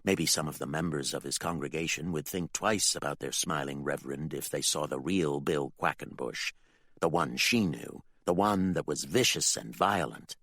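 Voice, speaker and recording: Man, audiobook narrator, very low voice, lively expressive delivery, dry close sound. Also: dry recording. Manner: expressive, dramatic storytelling. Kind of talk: scripted fantasy audiobook narration.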